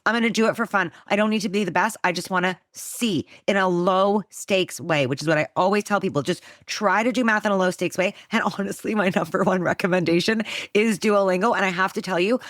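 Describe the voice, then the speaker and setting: Animated woman hosting a podcast chat. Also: medium pitch, no echo, clean studio sound. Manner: animated, quick to swear and joke; coaching and teacher-like. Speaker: podcast host. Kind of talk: casual podcast conversation.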